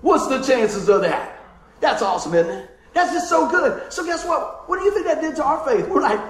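Man, preacher, high voice, lively storytelling sermon, calls for amens, roomy echo. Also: normal speed.

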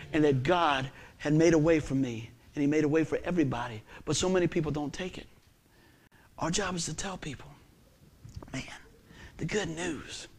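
A man delivers a sermon in a high-pitched voice. He preaches emphatically and with animation, slipping into folksy asides. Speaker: pastor.

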